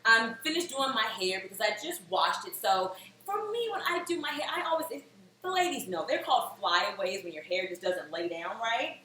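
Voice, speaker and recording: Animated chatty woman in an echoey kitchen. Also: fairly high pitch, normal speed. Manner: animated, chatty, comic storytelling. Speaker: cooking show host. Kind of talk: casual storytelling while cooking. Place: home kitchen. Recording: echoey room, mic at a distance, faint noise.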